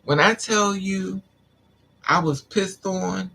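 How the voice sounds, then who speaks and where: A man's voice: high-pitched, slow pace, gravelly, bright, forceful tone, a little hiss or hum. A man vlogger intensely telling a painful personal story to his viewers, repeating himself as he vents. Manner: intense, repetitive, venting.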